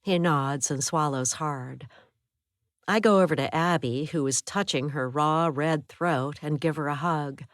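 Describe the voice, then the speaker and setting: A woman narrating a first-person thriller audiobook in a measured, expressive way. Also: low-pitched, no room sound, studio quality.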